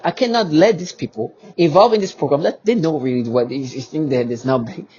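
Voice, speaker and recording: A man's voice: a little high, a little fast, a little mellow, slightly rough, highs cut off. A man speaking in an agitated monologue to camera. He talks emphatically and repeats himself, with many restarts and rhetorical questions. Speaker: vlogger.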